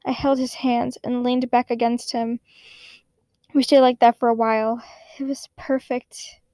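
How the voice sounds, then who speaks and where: A woman reading fan fiction aloud in a soft, expressive storytelling manner. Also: a little high, normal speed, no room sound. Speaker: reader.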